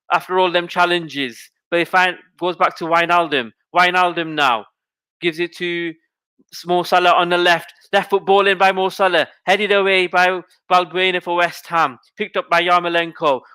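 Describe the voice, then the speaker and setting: A man doing live play-by-play football commentary, calling each pass in quick running phrases. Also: high voice, smooth, no room sound. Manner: rapid running play-by-play, rising to excited shouting at goals.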